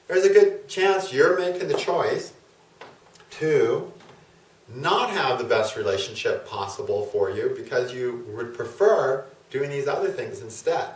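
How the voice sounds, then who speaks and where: A man gives an astrology lesson in a loose, talky way, slipping into quoted voices for the planets and tagging points with "okay?". His voice comes from a little way off the mic in an echoey room. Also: mid-range voice. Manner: conversational, acts out planets in quoted voices, says "okay?" often. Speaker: astrology teacher. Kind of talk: instructional lecture. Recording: roomy echo, mic at a distance.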